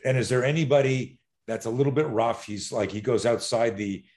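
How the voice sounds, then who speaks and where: A man who coaches fighters, telling stories in a loose, animated conversation, swearing now and then and restarting his sentences. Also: mid-range voice, brisk. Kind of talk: casual podcast conversation.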